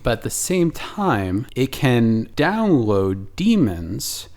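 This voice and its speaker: A man's voice: mid-range voice, slow. A man co-hosting a casual movie commentary podcast, cracking dry jokes and laying out his points step by step. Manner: dry, deadpan jokes, lays out points methodically.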